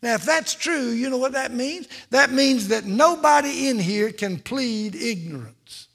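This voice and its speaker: Preacher guy, pretty high voice, repeats himself for punch, big echoey church. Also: animated, a little slow, creaky, a bit bright. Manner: emphatic, repetitive preaching cadence. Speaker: pastor. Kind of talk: sermon.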